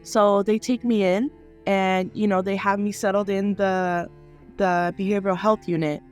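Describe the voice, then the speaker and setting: A young woman recounts her own life story in an interview, with a mid-pitched voice. She speaks openly and emotionally, leaning on "like" and "you know" as she goes. Soft music plays faintly underneath. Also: fairly even intonation, moderate pace. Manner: emotional, conversational, many "like" and "you know" fillers. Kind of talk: candid personal testimony.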